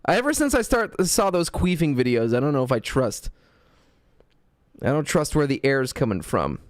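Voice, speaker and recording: A man's voice: medium pitch, big pitch swings, moderate pace, no echo, studio quality. A man casually chatting as a streamer reacting to clips, rambling and swearing as he goes.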